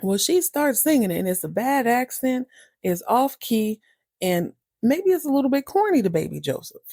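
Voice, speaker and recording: Chatty wry woman with a mellow voice. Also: fairly high pitch, sing-song, normal speed, dry recording, studio quality. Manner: chatty and wry, laughs often, acts out quoted lines. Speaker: podcast host recapping a TV series. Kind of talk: casual recap commentary.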